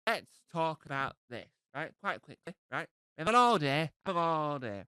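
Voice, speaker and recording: A man's voice: a little high, very animated, normal speed, pushed and bright, clear, resonant tone, dry recording, rough recording. A man with a cold doing a rambling, self-deprecating live stand-up set. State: has a cold. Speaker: stand-up comedian.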